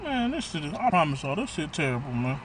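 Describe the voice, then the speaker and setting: A man's voice: on the high side, big pitch swings, fast talker, a bit bright, a little hiss or hum. A man doing a casual food review vlog from his car, talking bluntly and profanely as he rants about the food.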